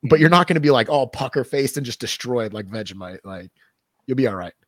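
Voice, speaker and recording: Joking, dry-voiced podcast co-host. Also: male voice, medium pitch, animated, fast, no room sound. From New Hampshire. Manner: rambling, joking, full of fillers. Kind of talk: casual chat.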